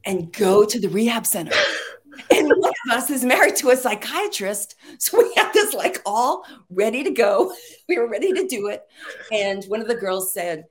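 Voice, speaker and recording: She's a middle-aged American from Texas, a playwright and screenwriter, and her voice is a little high. As a guest in an easygoing chat, she tells stories with animation and frequent laughter.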